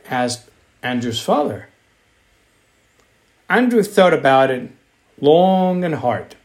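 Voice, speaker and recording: A man reading a children's story aloud in a slow, expressive, sing-song way. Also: medium pitch.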